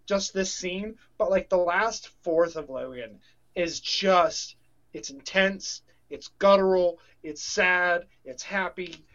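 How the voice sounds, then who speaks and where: A man's voice: high voice, a bit bright. A man co-hosting a casual podcast chat, rambling and restarting sentences as he gets emotional. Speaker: podcast co-host. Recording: dull lo-fi sound.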